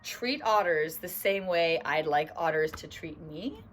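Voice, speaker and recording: A woman's voice: low voice, animated, measured pace, voice pushed down. A woman voicing a nervous male rabbit in a picture book, anxious and full of fretting questions. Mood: puzzled. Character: nervous, fretful male rabbit, worried about new neighbors.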